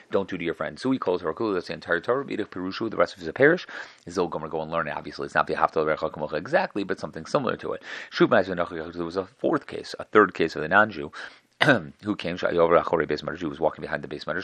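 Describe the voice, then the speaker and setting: A man with a very deep, gravelly voice teaches a text line by line. He races along, quickly translating and voicing each character. The recording is dry and close. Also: no echo. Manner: fast, acting out the dialogue with raised-pitch questions. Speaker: Talmud teacher. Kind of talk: reading and translating a text aloud.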